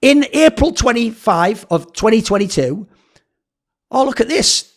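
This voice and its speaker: A man's voice: very high voice, animated, a little slow. A man ranting angrily in a video commentary, sarcastic and swearing, mocking others in put-on voices. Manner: angry, sarcastic, swears often. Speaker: esports commentator.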